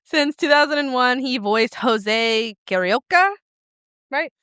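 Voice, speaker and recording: A woman's voice: high voice, animated, slow, sharp tone, clear, resonant tone, no echo, clean studio sound. A young woman co-hosting a casual podcast, reading out notes with laughs and swearing. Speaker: podcast co-host. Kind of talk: casual chat.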